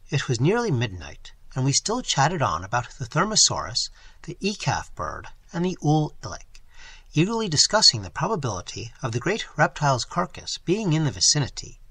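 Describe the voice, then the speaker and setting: A man reads a first-person novel aloud with expressive, scripted narration. His voice is bright and breathy, with a very lively pitch, recorded close and dry. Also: no room sound. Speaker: audiobook reader.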